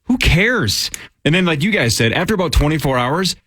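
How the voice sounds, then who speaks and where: A man's voice: fairly high pitch, lively intonation, quick pace, a bit bright, slight background noise. A man co-hosting a radio show, telling a rambling, self-deprecating story with lots of restarts. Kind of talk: casual sports radio banter.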